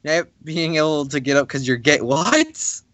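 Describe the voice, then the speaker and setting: A man reading card game cards aloud slowly and haltingly to his friends. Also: on the high side, very animated, a bit bright, no echo. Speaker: player. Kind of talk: casual gaming banter.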